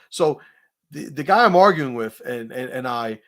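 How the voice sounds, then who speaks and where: A man host telling a profane confrontation story in a casual, animated way, laughing at his own punchlines. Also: mid-range voice, moderate pace.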